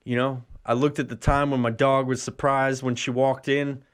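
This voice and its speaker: A man's voice: level tone, moderate pace, clear, resonant tone. Profane man rambling a wild story. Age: 30s. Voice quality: profane, exaggerated storytelling with bursts of high put-on voices. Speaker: podcast host. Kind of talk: solo comedic rambling monologue.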